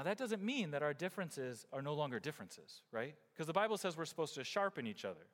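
A male pastor delivering a sermon to his congregation, with an emphatic delivery that swings between loud and soft. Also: a little high, big-room sound. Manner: emphatic, rising and falling preaching delivery.

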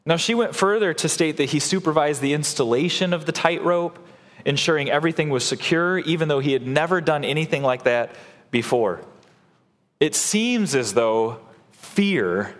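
A male pastor preaching a sermon in an earnest way, restarting phrases and jumping in pitch for emphasis. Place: church sanctuary. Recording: long church-hall reverb.

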